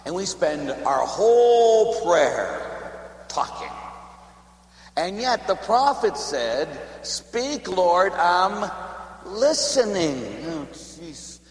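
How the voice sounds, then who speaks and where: A man's voice: a little high, echoey room, long reverb tail, slight background noise. A man preaching a homily as a Catholic priest in a church, telling long humorous stories in a conversational way. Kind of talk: sermon.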